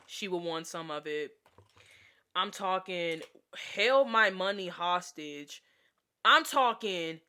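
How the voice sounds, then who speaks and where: A woman's voice: lowish voice, pushed and bright, clear, resonant tone. A young woman telling a casual storytime vlog, chatty and exasperated, with lots of filler words. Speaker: vlogger.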